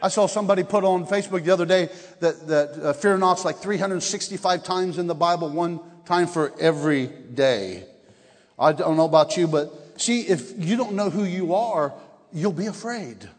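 A man preaching as an evangelist at a church service, energetic and laughing often, swinging between shouts and hushed tones. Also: high-pitched, normal speed. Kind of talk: revival sermon. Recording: long hall reverb.

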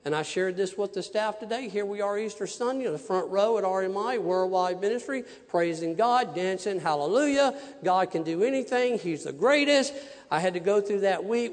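A male minister preaching a testimony sermon, voicing each exchange with animation. His voice sits high for a man. The sound hangs in a long church reverb. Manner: animated storyteller acting out dialogues. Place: church sanctuary.

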